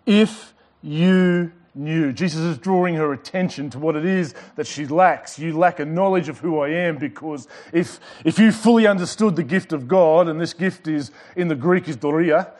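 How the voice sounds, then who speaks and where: A male pastor preaching a sermon to a church congregation. He swings between loud emphasis and quiet passages, with light joking asides. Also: fairly high pitch, normal speed, few pauses. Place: church service before a congregation.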